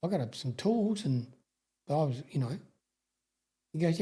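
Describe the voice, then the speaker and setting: A middle-aged man with an Australian accent spins long, rambling stories in casual talk. His voice is husky and darkly mellow, and he swears freely and stumbles back over his own sentences. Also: on the high side, expressive, unhurried. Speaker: guest, sprintcar racing veteran. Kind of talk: casual storytelling interview.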